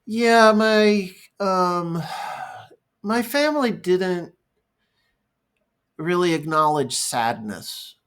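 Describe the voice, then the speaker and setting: A male therapist speaking in a reflective, halting monologue, improvising as he goes. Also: high voice, a bit bright, clean tone. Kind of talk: unscripted talking-head monologue.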